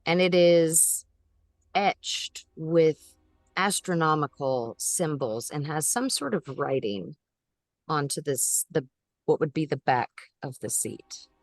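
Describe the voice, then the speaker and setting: A woman running a tabletop game speaks in a low, unhurried voice. She narrates in a relaxed way with occasional ums, close and dry on the mic, with faint music behind her. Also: no room sound. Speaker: game master.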